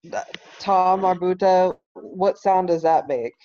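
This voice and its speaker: A woman slowly sounds out her reading in an online class and asks questions when unsure. Her voice is low and mellow. The sound is a little muffled. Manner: hesitant, questioning. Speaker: student. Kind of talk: hesitant reading aloud in class. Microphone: video call. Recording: muffled video call audio.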